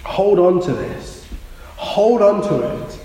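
Preacher, lively rising-and-falling sermon delivery, long church reverb, faint noise. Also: male voice, sits high, slow pace. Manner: earnest, exhorting, repeats key phrases.

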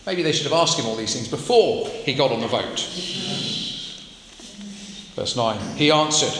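Guy preaching, animated up and down voice, roomy church echo, asks the crowd stuff. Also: a little high, moderate pace, pauses often, background noise. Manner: conversational, asks the congregation questions. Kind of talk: sermon. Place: church hall. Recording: echoey hall, faint ambience.

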